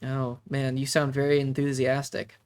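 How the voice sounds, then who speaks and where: A man running a tabletop game stream as game master, narrating with many halting fillers. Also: medium pitch, completely flat delivery, darkish tone, clear, resonant tone.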